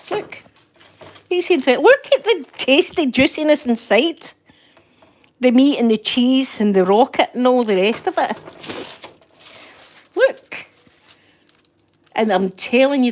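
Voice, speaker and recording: A woman's voice: fairly high pitch, darkish tone, slight background noise. An older woman with a Scottish accent, chatting casually to her viewers and laughing often as she rambles through stories. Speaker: vlogger reading live chat. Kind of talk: casual chat.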